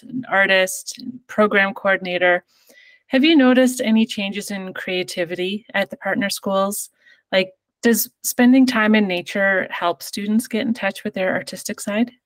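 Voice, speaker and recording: A woman's voice: medium pitch, fairly even intonation, normal speed, dry recording. A woman interviewing guests, asking questions in an encouraging, enthusiastic way.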